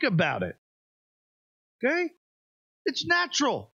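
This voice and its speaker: A man preaching an evening sermon, emphatic, pushing his voice up high for stress and dropping it low and quiet. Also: animated, a little slow, dry recording, muffled recording. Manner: emphatic, rises and drops sharply for effect. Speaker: pastor.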